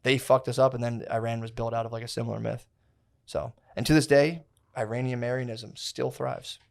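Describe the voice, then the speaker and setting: A man's voice: medium pitch, level tone, fairly quick, creaky, darkish tone. Rambling slangy man telling a story. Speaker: podcast co-host. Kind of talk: casual chat.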